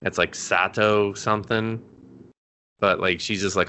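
A man's voice: lowish voice, animated, moderate pace, pushed and bright. A man co-hosting a casual podcast, rambling through an anime recap, swearing a lot and acting out the characters' lines. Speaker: podcast co-host.

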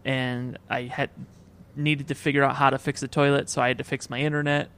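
A man's voice: medium pitch, little pitch movement, brisk, fairly bright tone, smooth. A man co-hosting a podcast, rambling through crude joking stories in casual banter. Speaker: podcast co-host.

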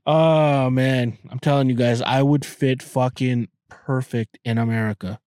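Man, podcast host, rambling casual chat, curses a lot, mid-pitched, dry close sound. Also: steady tone, slow pace, a little mellow, clean tone, dry recording. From Canada. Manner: rambling, profane, frequent restarts and stammered repeats.

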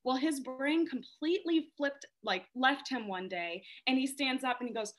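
A woman stage actress, a podcast guest, telling stories in casual chat, animated and laughing often, with lots of "like". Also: high voice, moderate pace.

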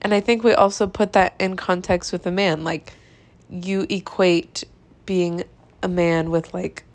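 A young woman hosting a podcast, telling a story in a casual, chatty monologue with swearing, sighs and laughs, exasperated and animated. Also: fairly low pitch, unhurried. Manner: animated, exasperated, drops to mutters. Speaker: podcast host.

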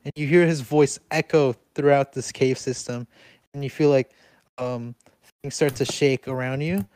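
A young man running a tabletop game for friends, narrating in a halting way with lots of fillers. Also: mid-range voice, steady tone, darkish tone, clean tone, no room sound. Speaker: game master.

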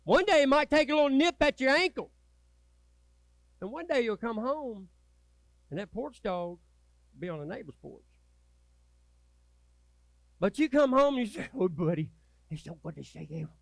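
A man preaching a sermon as pastor, folksy and swinging from loud urging to low, quiet asides. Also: lively intonation, measured pace, pauses often, dry recording. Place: church sanctuary.

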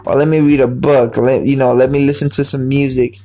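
This is a warm-toned man speaking fairly quickly at medium pitch, with little rise or fall in his voice. Over faint background music he rambles casually about his own life, repeating words and playing out the greetings he quotes.

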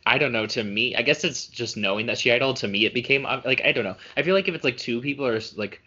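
A man's voice: medium pitch, fast talker, pushed and bright, dull audio. A man co-hosting a podcast in casual chat, talking loosely with lots of fillers and frequent laughter. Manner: laughs often, chatty with many fillers. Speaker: podcast co-host.

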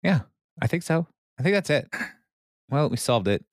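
A man's voice: on the high side, sing-song, normal speed, dry recording, clean studio sound. A man co-hosting a podcast, recapping a TV episode in loose, rambling casual chat full of fillers and laughs.

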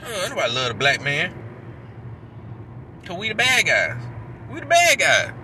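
An angry man ranting profanely while driving his car, shouting at times. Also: high-pitched, wildly swooping pitch, a little slow, a little hiss or hum. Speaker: vlogger.

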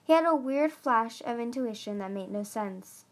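A woman reads a fantasy novel aloud in a slightly high voice. Her reading is earnest, with the occasional stumble and restart. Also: animated, moderate pace. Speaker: audiobook reader.

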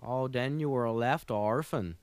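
A man's voice: medium pitch, unhurried, dry recording, close to an everyday voice. A man playing a fussy French talk-show host with a French accent, hesitant and full of "uh", twisting his English. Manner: hesitant, lots of "uh", mangled English phrasing.

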